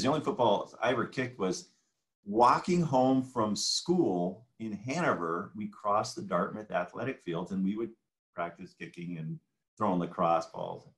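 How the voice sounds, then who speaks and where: A man in his sixties, a guest in a casual interview, telling animated stories and acting out the dialogue. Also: fairly low pitch. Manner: animated anecdotal storyteller who acts out quoted dialogue.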